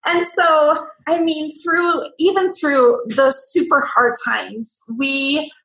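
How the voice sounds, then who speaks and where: A woman interview guest telling a personal story in an animated way. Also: high voice, slow pace, few pauses, reverberant, rough recording. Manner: lively, acts out quoted voices.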